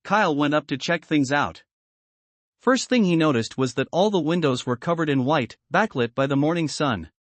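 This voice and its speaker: Animated, fairly high-voiced man doing a straight read of the story, dry sound. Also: moderate pace, dry recording. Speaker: reader of the manuscript. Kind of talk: reading a story aloud.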